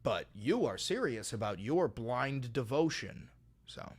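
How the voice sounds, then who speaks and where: A livestream host goes through donations in an unhurried, sing-song, slightly rough voice, full of sarcasm. Loud mocking rants alternate with low, deadpan replies.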